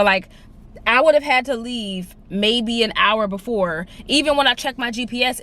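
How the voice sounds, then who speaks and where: Brief: young woman vlogger, everyday mid pitch, chatty aside talk filmed on a phone in her car. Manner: chatty and animated, says "like" a lot. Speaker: lifestyle vlogger. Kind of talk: casual vlog chat. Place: in her car, then out on a walk.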